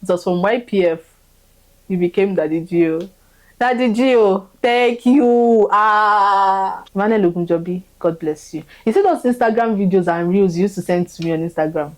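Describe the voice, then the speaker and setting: A young woman with a medium-pitched voice speaks at a moderate pace, and the recording quality is low. She gives an emotional, fervent testimony of thanks, repeating herself as her voice rises with feeling.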